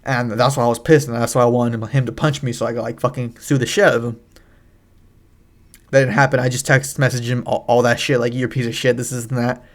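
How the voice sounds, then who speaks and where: A young man telling a story while he plays, in a casual, rambling way. He swears freely and keeps stumbling over his words and restarting, at a middling pitch. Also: level tone, fairly quick. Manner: rambling, profane, frequent restarts. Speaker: gaming channel host.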